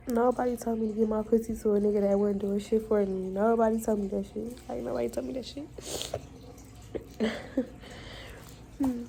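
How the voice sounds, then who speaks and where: A woman's voice: mid-range voice, fairly even intonation, takes it slowly, long pauses, mellow, rough recording. A young woman, venting frankly and with profanity in a personal vlog. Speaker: vlogger.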